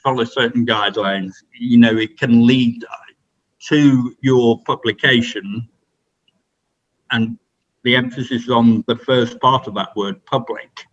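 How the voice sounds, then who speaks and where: A man's voice: mid-range voice, fairly even intonation, slow pace, lo-fi sound. A man giving an unscripted training talk to colleagues, rambling with many restarts and fillers. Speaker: presenter at staff training.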